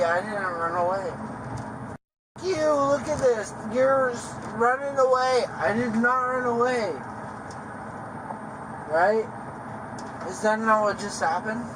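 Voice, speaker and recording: A man under arrest, rambling and taunting erratically in a police car, swinging between loud outbursts and mutters. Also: extremely high pitch. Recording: noisy police bodycam audio.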